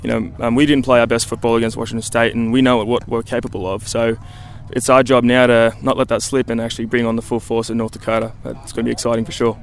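A man's voice: medium pitch, level tone. A young Australian man, a college football punter, talking easily as a radio guest, with many fillers and restarts. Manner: easygoing, halting with fillers. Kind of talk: phone-in interview.

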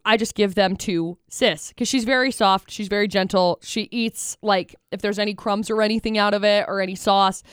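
A woman co-hosting a radio after-show, telling an animated story in casual chat and acting out little voices. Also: medium pitch, normal speed, hardly any pauses, smooth, no echo, clean studio sound. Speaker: radio co-host.

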